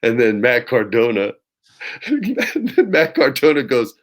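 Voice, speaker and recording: A man in his forties, the guest of an interview, telling lively, laughing anecdotes in casual chat. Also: medium pitch, a little slow. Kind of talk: casual storytelling.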